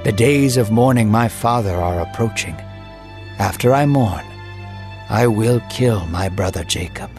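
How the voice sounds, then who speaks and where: A man's voice: lowish voice, a little slow, a little mellow, faint music behind. A man voicing a grieving elder brother who pleads and threatens in a raised voice. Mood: bitter.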